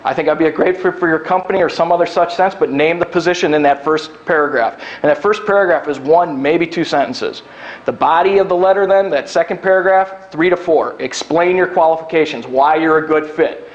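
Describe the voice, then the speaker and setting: A man's voice: a little high, fairly quick, dull audio. A man who works as a recruiter, giving job search advice to an audience in a down-to-earth, joking way, acting out quoted lines. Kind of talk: presentation to an audience.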